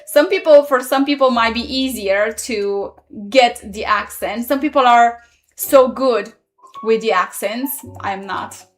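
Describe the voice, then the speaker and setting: A woman's voice: on the high side, unhurried, faint music behind. A woman in her thirties, not a native English speaker, chatting casually on a live stream and answering viewer comments. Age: 30s.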